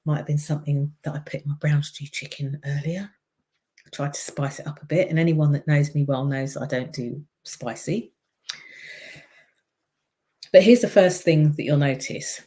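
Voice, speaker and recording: A woman with a low, deep voice and a slight frog in her throat, chatting on a live stream as a speaking coach and explaining things step by step. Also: moderate pace, dark tone. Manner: chatty and explanatory, demonstrates voice tones. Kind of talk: casual live-stream talk to camera.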